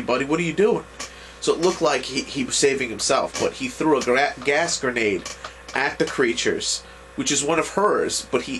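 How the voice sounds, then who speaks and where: A man's voice: mid-range voice, fairly bright tone, slight background noise. A man giving a casual, rambling recap of an anime episode, full of restarts and fillers. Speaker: anime reviewer.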